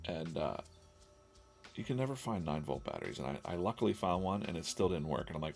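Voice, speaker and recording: A man's voice: low-pitched, sing-song, brisk, vocal fry, faint music behind. A man streaming live while drawing comics, chatting casually and rambling, with lots of laughs and silly quoted voices.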